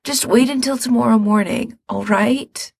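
A hoarse, shaky young man, sick with fever and frightened, begging someone not to go, as a woman reads him in a story. The voice is gravelly and husky, with no room sound around it. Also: fairly high pitch, normal speed, no room sound, studio quality, pitched above the performer's own voice. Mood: pleading. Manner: pleading, strained and shaky.

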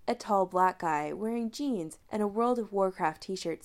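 A woman's voice: on the high side, lively intonation, moderate pace, hardly any pauses, a little mellow. A woman narrating a fan story aloud as a podfic reader, reading expressively.

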